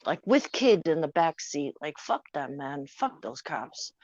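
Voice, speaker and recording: A woman's voice: low-pitched, big pitch swings, unhurried, darkish tone, no room sound. Woman in casual chat, blunt, emphatic, swears a lot, dry close sound, muffled. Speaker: podcast co-host.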